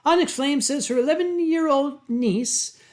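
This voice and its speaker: A man from Pennsylvania hosting a casual livestream from home, reading viewer comments and telling stories with drawn-out dramatic emphasis into a webcam mic. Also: very high voice, a little mellow. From Pennsylvania, USA. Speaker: livestream host.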